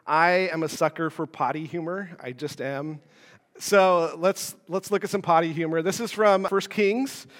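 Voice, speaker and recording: A man's voice: a little high, a bit bright, long reverb tail. A man preaching a sermon as pastor, playful and joking between scripture readings. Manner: playful, jokey asides.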